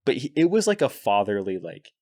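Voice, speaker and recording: Deep-voiced young man telling animated stories. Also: a little fast, dry recording, clean studio sound. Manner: animated storyteller, swears freely, fillers like "like" and "dude". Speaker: podcast guest. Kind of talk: casual podcast chat.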